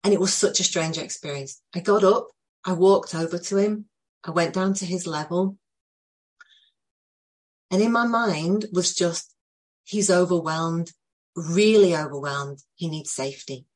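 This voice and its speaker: A woman telling an emotional personal story to a group, earnest and full of pauses. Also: fairly low pitch, a little mellow. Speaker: group participant sharing a story.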